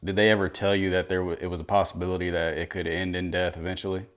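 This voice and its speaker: A man interviewing a guest, asking gentle probing questions and offering brief acknowledgments. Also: low-pitched, level tone, fast. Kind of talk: conversational interview.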